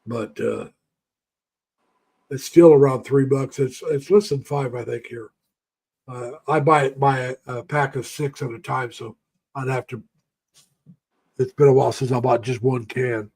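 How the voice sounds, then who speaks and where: An older man from the United States chats on his live stream in a mid-pitched, ordinary voice. He rambles through folksy memories with plenty of fillers and stops to greet viewers by name. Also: steady tone, a little slow, pauses often, a little mellow, breathy edge. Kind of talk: casual live-stream chat.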